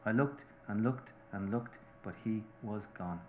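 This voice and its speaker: A man reading the part of a remorseful Irish-American mother, a seamstress, confessing earnestly and haltingly to her husband. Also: fairly low pitch, phone-quality sound, a little hiss or hum, pitched below the performer's own voice, lightly acted.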